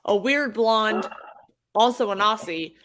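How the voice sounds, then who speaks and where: Woman, slow, unhurried jokey asides, faint background hiss. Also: mid-range voice, a bit bright.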